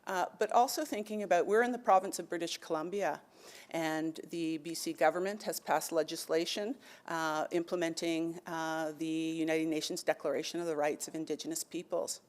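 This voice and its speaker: A woman's voice: deep voice, steady tone, normal speed. A woman speaker on an education panel, telling a traditional story with animation, then talking thoughtfully with many fillers. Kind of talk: oral storytelling and panel talk.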